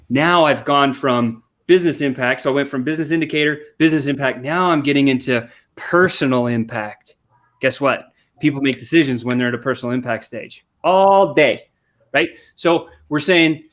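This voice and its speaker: A man's voice: medium pitch, normal speed. A man on a podcast explaining sales questions, talking energetically and acting out customer replies with frequent restarts. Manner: energetic, acts out customer quotes, many restarts. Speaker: sales coach guest. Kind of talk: podcast conversation.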